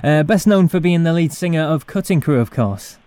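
A man interviewing a guest, friendly and laughing along as he asks quick questions. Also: on the high side, lively intonation, dark tone, clear, resonant tone, no echo. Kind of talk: casual interview.

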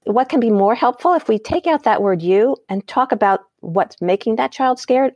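A woman's voice: fairly high pitch, expressive, moderate pace, few pauses, a little mellow, dry recording. A woman parent educator as an interview guest, explaining ideas and acting out example phrases with light laughs.

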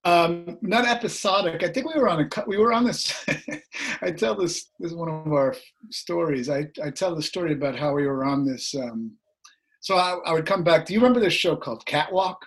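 A middle-aged man, a musician guest, telling a story in casual chat, laughing often and acting out the voices he quotes, his voice slightly rough. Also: fairly high pitch, a little fast, fairly bright tone.

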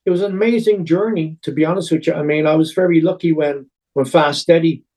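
Middle-aged irish guy rambling through old stories, um and uh everywhere, voice sits a bit high. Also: quick pace, a little mellow. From Ireland. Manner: rambling storyteller with many fillers. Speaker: musician guest. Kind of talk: podcast interview.

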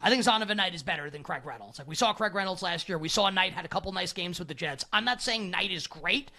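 A man hosting a sports betting podcast, talking fast and animated in casual chat, laughing often. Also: high-pitched, creaky.

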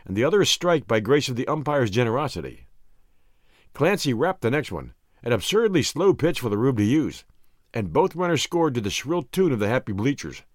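Expressive male audiobook narrator. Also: medium pitch, dry recording, clean studio sound. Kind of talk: scripted story narration.

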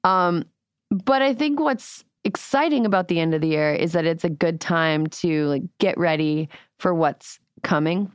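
A woman's voice: lowish voice, a little slow, smooth, no room sound, studio quality. A woman hosting a podcast, chatting casually with a wry, joking delivery. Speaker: podcast host.

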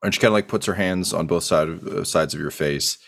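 A man's voice: deep voice, brisk, gravelly. A man running a tabletop game as game master, narrating casually with lots of fillers.

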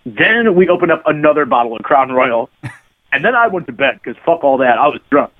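A man's voice: medium pitch, sing-song, brisk, no room sound, phone-quality sound. A man quoting a groggy, hungover friend in a plain voice during a story.

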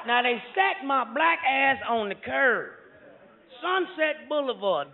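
A man's voice: extremely high pitch, sing-song, takes it slowly, creaky, phone-quality sound. A male stand-up comedian telling a profane story on a live stage, with rowdy punchlines. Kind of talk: stand-up routine. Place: live theater stage with audience.

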